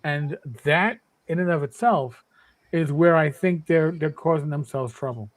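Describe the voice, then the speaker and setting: A man's voice: a little high, unhurried, low-quality recording. A man in his fifties chatting on a panel podcast, emphatic and rambling, with many restarts. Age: 50s. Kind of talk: casual panel chat.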